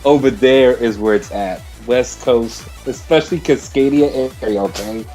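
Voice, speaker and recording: A man's voice: mid-range voice, normal speed, mellow, faint music behind. A man co-hosting a podcast, talking in an emphatic, slangy way and repeating himself. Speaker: podcast co-host. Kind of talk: casual podcast chat.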